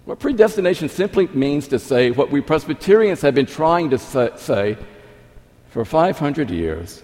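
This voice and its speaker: A man's voice: a little high, sing-song, moderate pace. Emphatic male preacher in a reverberant hall. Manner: emphatic, repeats key phrases, swings loud and soft. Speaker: pastor. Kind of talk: sermon. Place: church sanctuary. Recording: long reverb of a large hall.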